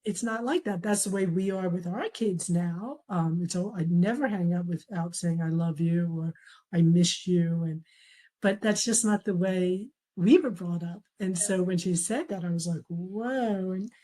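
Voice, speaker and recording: A woman's voice: fairly low pitch, measured pace, mellow, low-quality recording. A middle-aged woman, a memoir author, telling family stories in a conversational interview and often laughing as she quotes relatives. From raised in a traditional Chinese family.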